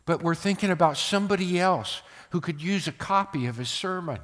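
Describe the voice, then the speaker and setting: An older man preaching a sermon as pastor, emphatic, swinging between loud bursts and hushed asides. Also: high-pitched, expressive, brisk, long reverb tail.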